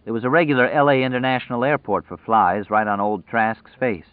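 A man narrating an audiobook in a measured, dramatic storytelling manner. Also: mid-range voice, steady tone, no room sound. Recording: dry tinny phone-like sound.

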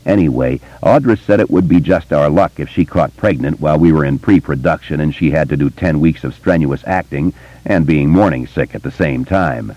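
A man voicing a quiet, thoughtful grown man who speaks low and measured. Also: no room sound, rough recording. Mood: earnest.

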